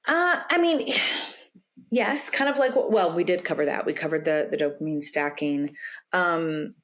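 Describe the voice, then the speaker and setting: This young adult woman, a guest coach on a podcast, speaks in a low voice at an unhurried pace, answering casually and at length. She's animated and performs any quote from a friend or partner in a raised pitch.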